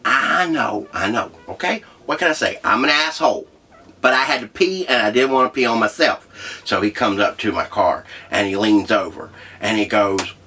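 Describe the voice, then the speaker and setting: A man hosting a comedy show, telling a profane story in a brash, loud way. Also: medium pitch, lively intonation, normal speed, breathy edge. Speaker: host. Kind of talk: comedic monologue.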